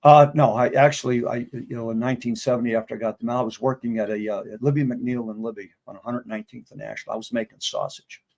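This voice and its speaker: Gravelly older veteran. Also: male voice, medium pitch, steady tone, fast, hardly any pauses, a little mellow. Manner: rambling storyteller. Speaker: guest, veteran. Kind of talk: casual interview.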